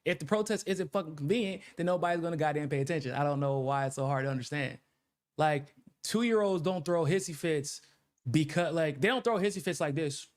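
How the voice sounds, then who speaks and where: A man's voice: fairly high pitch, brisk. A man, co-hosting a casual political chat with lots of laughter and cursing. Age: 30s. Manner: loud laughs, profane and animated. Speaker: co-host.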